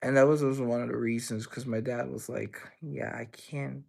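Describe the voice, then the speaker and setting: Young guy with a gravelly voice, livestream host, reads chat out loud and rambles back. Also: mid-range voice, flat delivery, fairly quick. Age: young adult. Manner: reads chat aloud and answers, rambling and playful.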